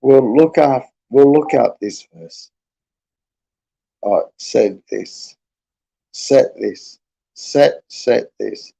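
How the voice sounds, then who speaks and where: A man's voice: mid-range voice, drawn-out words, gravelly, pauses often, mellow, breathy edge, dull audio. A middle-aged man, hosting a casual livestream chat in a laid-back, rambling way and mumbling while he fiddles with a device. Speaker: livestream host.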